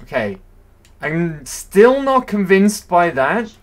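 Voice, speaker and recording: A man's voice: high-pitched, big pitch swings, slow pace. A man casually commentating his own gameplay, chatty and playful, often correcting himself. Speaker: game streamer. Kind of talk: casual let's-play commentary.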